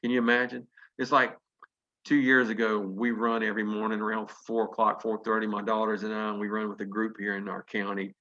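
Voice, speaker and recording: His voice is fairly low and barely moves in pitch, coming across fairly quick, pushed, and bright with the highs cut off. He's a Southern motivational speaker in his fifties from North Carolina, telling earnest, homespun stories on a video call.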